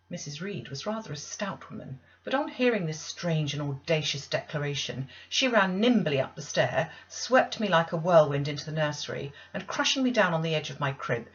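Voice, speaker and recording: A woman narrating a classic novel as an audiobook reader, in a measured, deliberate way with pauses. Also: deep voice, lively intonation, muffled recording.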